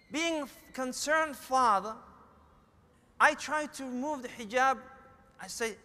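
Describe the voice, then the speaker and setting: A man's voice: very high voice, animated, slow pace, pauses often, pushed and bright. A middle-aged man with a Somali accent giving a sermon, telling a family story and acting out the dialogue. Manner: storytelling, acts out quoted dialogue. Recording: echoey hall.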